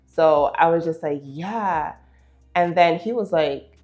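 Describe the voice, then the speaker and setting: Young woman chatting thru a get ready w me story, lots of likes n laughs, lowish voice. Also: takes it slowly, dull audio, faint music behind. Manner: animated, laughing, lots of fillers. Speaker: vlogger. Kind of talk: storytelling while getting ready.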